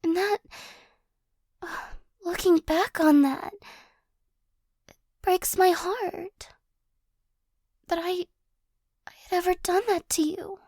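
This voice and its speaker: A woman in an ASMR role-play voicing a remorseful young ex-girlfriend who apologizes in a hesitant, halting way with nervous little laughs. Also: extremely high pitch, steady tone, darkish tone, dry recording. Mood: apologetic.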